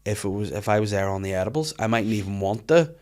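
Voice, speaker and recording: A man hosting a podcast, telling animated stories in casual chat and swearing freely. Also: fairly low pitch, fast talker. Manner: animated storytelling, frequent swearing. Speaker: podcast host.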